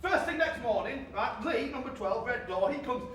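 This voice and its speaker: A stubborn, chatty man who has moved into a tree and rambles on with his story. The high voice carries from a distance, heavily echoing, with faint outdoor noise behind it. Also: animated, normal speed, fairly bright tone. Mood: storytelling.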